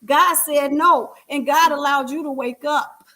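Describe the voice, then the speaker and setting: A woman's voice: high voice, steady tone, a little slow, bright, forceful tone. A woman co-hosting a talk show, speaking emphatically and encouragingly, repeating her key phrases for weight. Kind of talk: supportive talk-show conversation.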